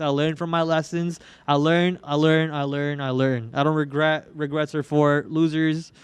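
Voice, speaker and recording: A young man runs a live trading stream in a casual, joking way, groaning theatrically over his losses. His voice is smooth and sits a little high. The sound is dry and close to the mic. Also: no echo. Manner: joking, melodramatic whining about losses. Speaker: trading livestream host.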